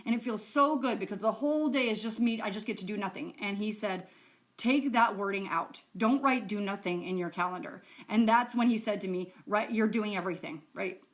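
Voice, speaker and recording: A woman's voice: mid-range voice, a little fast. Woman coach talking self-care, chatty and rambly, tosses in a swear here and there. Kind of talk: casual teaching to camera.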